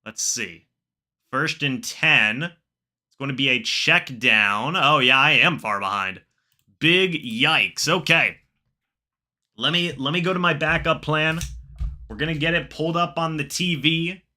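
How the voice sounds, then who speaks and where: Excitable man calling plays on a live stream. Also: a little high, unhurried. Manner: excitable, bursts up when plays happen, then mutters asides. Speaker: live stream host doing play-by-play. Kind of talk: live reaction commentary. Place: home, watching the game on screen.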